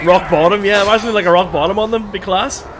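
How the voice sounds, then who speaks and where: Excitable high-voiced male streamer. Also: quick pace, background noise. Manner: excitable, swears freely, shouts at the game. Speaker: livestreamer. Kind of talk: casual gameplay commentary.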